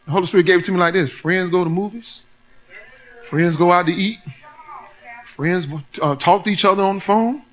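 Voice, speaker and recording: High-voiced preacher man, bright and lively. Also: normal speed, pauses often. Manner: playful storytelling, builds to shouted preaching. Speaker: pastor. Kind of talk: sermon.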